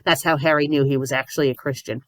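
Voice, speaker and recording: A woman with covid reviewing fanfiction in a comedic, exasperated rant, sometimes breaking into shouts. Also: rumbling low, fairly even intonation, fast, dry recording. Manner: exasperated, ranting, bursts into shouting; says "bloody" often. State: sick with covid, a little loopy.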